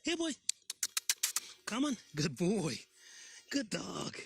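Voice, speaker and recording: A man in dog training, calling out short bursts of high, raised praise to his dog. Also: sing-song, slow, gravelly, breathy edge.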